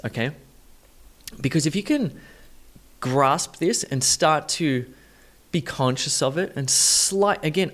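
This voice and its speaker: Man teaching pronunciation, drilling stressed syllables. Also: on the high side. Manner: demonstrates word stress by repeating practice sentences slowly; encouraging, talks straight to the learner. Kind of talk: online pronunciation lesson.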